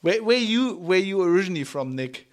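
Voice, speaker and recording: A man's voice: sits high, animated, brisk. A man from Germany speaking English, chatting casually as a podcast host and laughing easily. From rural Germany.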